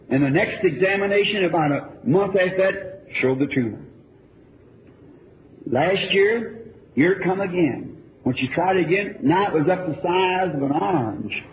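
Male preacher, earnest folksy storyteller, slightly high voice, tinny archival tape. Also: slight background noise. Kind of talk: storytelling sermon.

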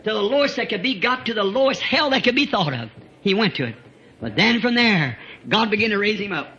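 On a lo-fi old tape, a man preaches a fervent revival sermon, building up to shouts and chuckling between phrases. His voice is high and expressive, and his pace is brisk.

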